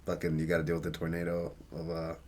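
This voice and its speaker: A man's voice: deep voice, completely flat delivery, fast talker, slight background noise. A young man, a rapper, chatting as a podcast guest, loose and casual, with some swearing.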